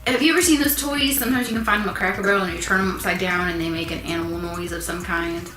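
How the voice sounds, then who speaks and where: A woman vlogger telling a personal story in a casual, animated, chatty way, asking her viewers questions. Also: on the low side, fast. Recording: echoey room.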